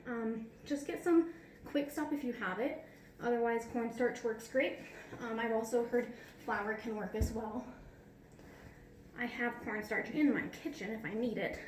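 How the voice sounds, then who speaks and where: A woman's voice: on the high side, a little mellow, a little hiss or hum. Chatty woman groomer, roomy and distant. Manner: chatty, laughs often, coos to her dog. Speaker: dog groomer. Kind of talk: casual how-to tutorial. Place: at home. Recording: roomy sound from a distant mic.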